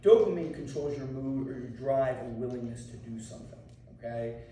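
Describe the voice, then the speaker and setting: A martial arts instructor talking casually to a class of students, often checking in with "okay?" and "right?". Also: male voice, medium pitch, moderate pace, mellow, slight background noise. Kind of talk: anti-bullying talk to a class. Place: school room with students. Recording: echoey room, mic far off.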